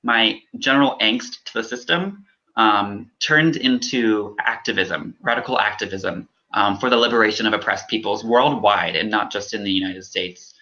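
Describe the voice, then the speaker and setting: A man's voice: lowish voice, bright, forceful tone. Earnest young man with muffled audio. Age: young adult. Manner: earnest, halting, many ums. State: choked up. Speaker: political candidate. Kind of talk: interview.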